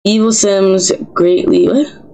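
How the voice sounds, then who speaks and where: Woman gaming on stream, teasing the characters, slangy and playful, middle pitch. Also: fairly even intonation, takes it slowly, mellow, rough recording. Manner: chatty and teasing, talks back to game characters in slang. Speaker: game streamer. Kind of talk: playful live gameplay commentary.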